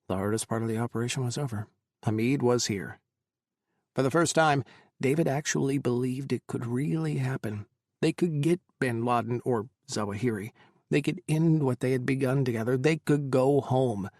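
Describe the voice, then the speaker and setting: A man narrating an audiobook in a measured, tense reading. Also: medium pitch, darkish tone, no room sound, studio quality. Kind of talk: scripted narration.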